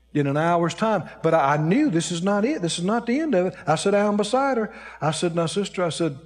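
A man preaching a sermon, telling a story with lively swings between hushed low talk and high excited bursts. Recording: reverberant hall.

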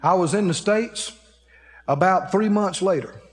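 A man preaching a sermon, telling a story with lively swings between hushed low talk and high excited bursts. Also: unhurried. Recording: reverberant hall.

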